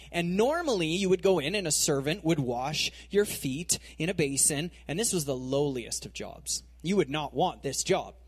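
A man with a slightly high, husky voice preaching in a relaxed, conversational way. He tells the story in an animated style and uses plenty of everyday fillers. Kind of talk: conversational sermon.

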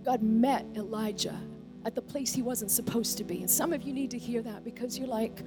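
A woman pastor preaching an energetic, emphatic sermon to her congregation. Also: fairly high pitch, brisk, music in the background.

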